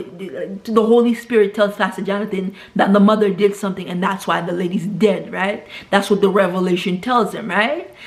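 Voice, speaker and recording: A woman in a mid-range voice talks through a movie's plot in a loose, chatty way. She keeps checking in with "right?" and slips into brief quoted voices for the characters. It sounds like a relaxed home vlog. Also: medium pitch. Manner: chatty, retells scenes with quick quoted voices, frequent tag "right?". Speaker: vlogger reviewing films. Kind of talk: casual film recap.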